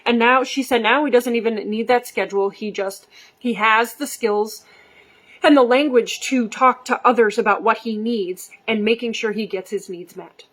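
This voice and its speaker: A middle-aged woman, a behavior coach, telling a story casually to camera and acting out the quoted voices with lively energy. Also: on the high side, moderate pace. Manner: animated, acts out quoted voices.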